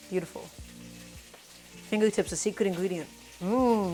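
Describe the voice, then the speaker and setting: A woman's voice: medium pitch, unhurried, pauses often, darkish tone. A woman hosting a casual cooking live stream, talking through each step and greeting her viewers by name. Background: faint music and sizzling pan.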